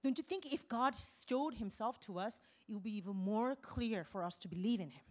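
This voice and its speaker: A woman missionary preaching a lively sermon, asking the congregation questions, acting out voices and dropping to a whisper for emphasis. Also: mid-range voice, brisk. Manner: animated, asks the congregation questions, acts out quotes.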